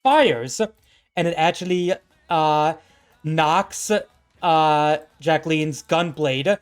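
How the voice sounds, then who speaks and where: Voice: mid-range voice, animated, slow pace, clean tone. A young adult game master narrating a tabletop fight, with many fillers like "uh" and "like". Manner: hesitant, full of "like" and "uh".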